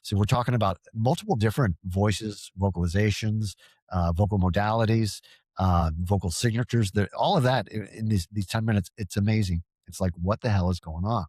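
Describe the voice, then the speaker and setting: A man's voice: lowish voice, brisk, a little mellow, breathy edge, dry recording. A man talking as a guest on a podcast, rambling and earnest, often stammering and restarting. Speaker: podcast guest, paranormal field researcher. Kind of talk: casual podcast conversation.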